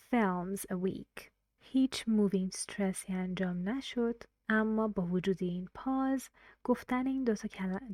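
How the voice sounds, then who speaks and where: A woman teaching English pronunciation in a recorded lesson. She explains patiently and repeats example sentences slowly. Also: mid-range voice, darkish tone, no echo, clean studio sound. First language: Persian.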